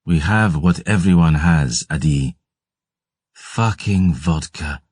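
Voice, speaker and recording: A man's voice: extremely low pitch, takes it slowly, a little mellow, husky, no room sound, exaggerated voice. A man voicing a cheeky young tavern maid, curt and sassy, for an audiobook. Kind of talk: audiobook character voice.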